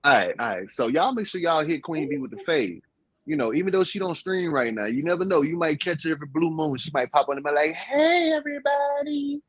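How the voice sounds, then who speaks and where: A man hosting a live-stream talk show, chatting casually and joking with his co-host and the chat in a husky, laid-back voice. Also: on the high side, lively intonation, quick pace, a bit bright, dull audio.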